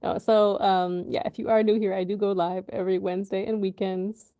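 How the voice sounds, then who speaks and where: Gravelly-voiced woman rambling on a livestream. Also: mid-range voice, little pitch movement, a little fast, mellow. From USA. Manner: chatty, loose and rambling, many ums and likes. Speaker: livestream host. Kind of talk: casual live chat with viewers.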